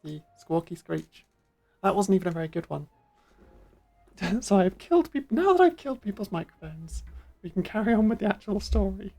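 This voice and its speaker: A woman's voice: mid-range voice, very animated, normal speed, creaky, a little mellow, soft background music. A woman streaming a game, chatting casually and self-deprecatingly on a studio mic with a pop guard at home.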